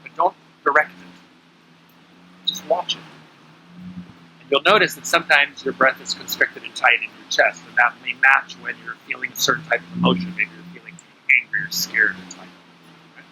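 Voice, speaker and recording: A man's voice: mid-range voice, brisk, creaky, pushed and bright, slight background noise, poor audio. A man teaching breathing awareness to a small group in a casual, coaching way, often checking in with his listeners. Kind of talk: casual instructional talk.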